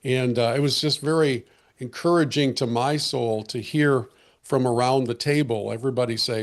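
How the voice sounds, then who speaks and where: A man speaks in a mid-range voice, earnest and reflective as he hosts a podcast conversation. His voice is a little hoarse, and he often restarts his sentences with fillers. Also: mid-range voice, fairly even intonation, normal speed. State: losing his voice. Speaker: podcast host.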